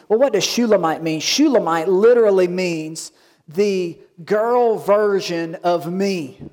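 A man preaching a sermon as pastor, reading scripture aloud and slowing down for emphasis, with folksy asides and questions to the congregation. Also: high voice, darkish tone.

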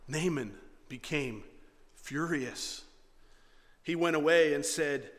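A man preaching a sermon, telling a story with animated energy and many rhetorical questions. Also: a little high, slow pace, long pauses, big-room sound. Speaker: pastor.

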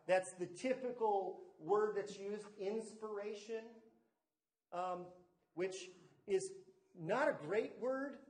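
A man's voice: high voice, takes it slowly, darkish tone. A man preaching a sermon as pastor, teaching and leaning hard on key words, with asides to the congregation. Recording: echoey room.

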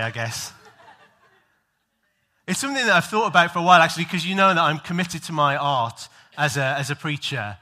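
A male preacher talks to a church congregation in a relaxed, joking sermon. His voice sits a little high and rings bright and crisp. He laughs at himself and wanders through fillers as he talks. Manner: self-deprecating, joking, loose with fillers. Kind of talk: sermon, conversational.

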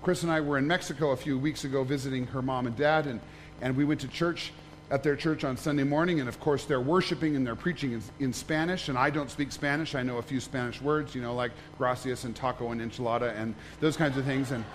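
A man's voice: medium pitch, fairly even intonation, fast, slight background noise. A man, a pastor, giving a conversational sermon, joking and asking the congregation questions.

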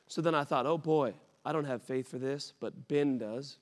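A young adult man preaching a sermon as pastor, telling stories with animated energy and bursts of shouting. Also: medium pitch, normal speed, hardly any pauses. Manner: animated, rising to shouts when excited. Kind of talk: sermon storytelling. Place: church sanctuary. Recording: reverberant church hall.

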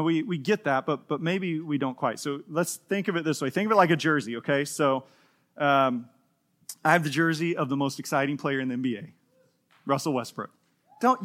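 A middle-aged man preaching a sermon to a congregation, telling stories with playful humor and acting out voices. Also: fairly high pitch. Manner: animated storytelling with playful humor, acting out quotes. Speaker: pastor. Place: church in front of a live congregation.

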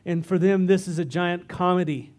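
A man's voice: high voice, steady tone, normal speed, darkish tone. A man preaching through a Bible passage in a conversational way, explaining the text with asides and filler words. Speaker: pastor. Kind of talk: expository sermon.

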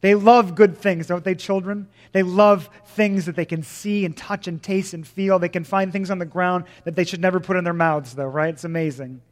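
A man preaching a sermon as pastor, swinging from loud emphasis to hushed, slow lines. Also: high-pitched, steady tone, big-room sound.

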